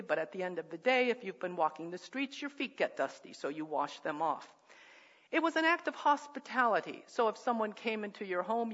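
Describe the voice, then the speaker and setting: A woman's voice: lowish voice, fairly bright tone, muffled recording. A woman preaching a sermon in a thoughtful, conversational way, with fillers and restarts.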